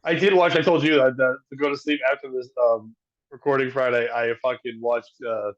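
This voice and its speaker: A man co-hosting a comedy podcast, tossing out quick teasing jokes in profane, casual banter. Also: medium pitch, steady tone. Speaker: podcast co-host. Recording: dull, lo-fi sound.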